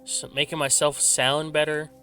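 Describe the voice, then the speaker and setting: Bright-voiced rambling gaming vlogger. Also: male voice, fairly high pitch, flat delivery, normal speed, clean tone, soft background music. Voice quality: slight stutter. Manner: rambling, self-correcting, frequent restarts. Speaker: gaming channel host. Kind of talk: laid-back rambling commentary while playing. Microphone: desk microphone with a simple filter.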